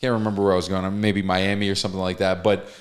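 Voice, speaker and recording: A man's voice: low voice, flat delivery, fast talker. Laid-back man in casual chat.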